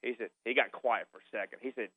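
A man's voice: mid-range voice, quick pace, slightly rough, no room sound. A middle-aged man hosting a sports radio show, telling a story in a casual chat and repeating himself as he goes. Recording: phone-like radio broadcast sound.

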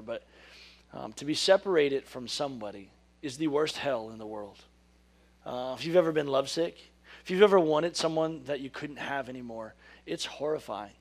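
A man giving a sermon, who reads scripture slowly and then talks casually, laughing at his own corny jokes. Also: medium pitch. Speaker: preacher. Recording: podcast recording of a live sermon.

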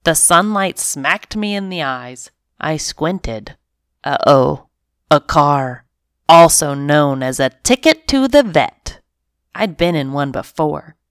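A woman narrating a family pet storybook in an expressive, animated first-person reading. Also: low-pitched, slow pace, clean tone, dry recording, clean studio sound. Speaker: story reader.

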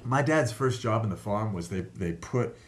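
A man telling a personal story in casual talk, animated, laughing at times and swearing freely. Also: lowish voice, moderate pace. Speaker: guest telling a life story.

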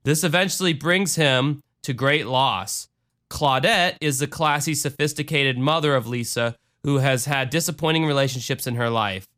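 A man hosting a podcast, talking in a dry, sarcastic deadpan with rambling restarts. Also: mid-range voice, normal speed. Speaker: podcast host. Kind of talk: casual podcast monologue.

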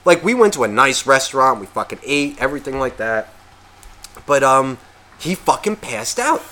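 A man co-hosting a podcast, telling a story in a casual, profane, animated way and acting out quotes. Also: mid-range voice, normal speed. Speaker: podcast co-host.

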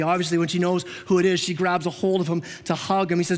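High-voiced pastor preaching in a reverberant church. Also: male voice, quick pace, few pauses. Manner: animated, conversational, repeats words as he restarts. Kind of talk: sermon. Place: church sanctuary.

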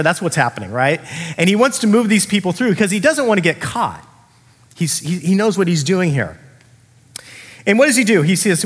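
A man's voice: a little high, sing-song, a little fast, a bit bright, husky, long reverb tail. A man preaching a sermon as the pastor, talking in a casual, conversational way and acting out the characters he quotes.

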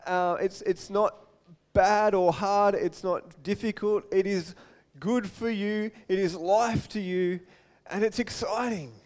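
A male pastor delivers a sermon in a chatty, animated style, sprinkling in quick asides and gentle jokes at his own expense. His voice is high.

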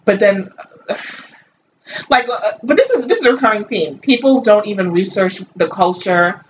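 A woman's voice: medium pitch, lively intonation, normal speed. A woman co-hosting a casual chat show, talking emphatically and swearing freely. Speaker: podcast co-host. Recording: distant, dull, faint noise.

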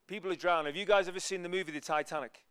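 Storytelling man preaching, smooth, higher voice. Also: steady tone, very fast, dry recording. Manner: conversational, storytelling, swings between loud and hushed. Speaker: guest preacher. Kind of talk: sermon.

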